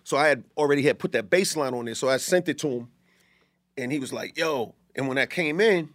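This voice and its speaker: A man, a guest in an interview, telling stories in a relaxed, casual way and often checking in with his listener. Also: mid-range voice, no echo, clean studio sound. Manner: fast, laid-back, peppered with "you know what I'm saying".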